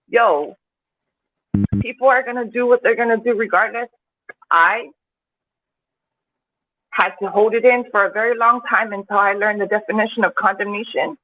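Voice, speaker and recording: A woman's voice: on the high side, normal speed, pauses often. Impassioned woman on a tinny call line. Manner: impassioned, profane, rising in intensity. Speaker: podcast guest. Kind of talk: emotional podcast discussion. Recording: tinny phone-like call with faint hiss.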